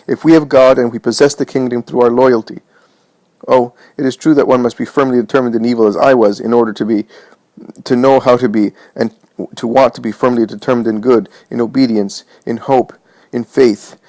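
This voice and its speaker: A man's voice: medium pitch, darkish tone, no room sound, natural voice. A man reading as fervent grieving woman Mary. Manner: impassioned, exhorting.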